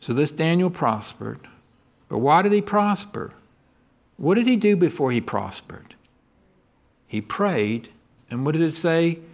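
A man preaching a sermon, asking his listeners questions and moving between loud emphatic lines and low quiet ones. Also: creaky. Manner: asks the congregation call-and-response questions.

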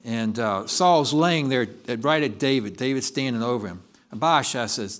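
A male pastor delivering a sermon, telling a story in an animated way and often correcting himself mid-sentence. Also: medium pitch, moderate pace. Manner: animated storytelling, with frequent restarts and self-corrections.

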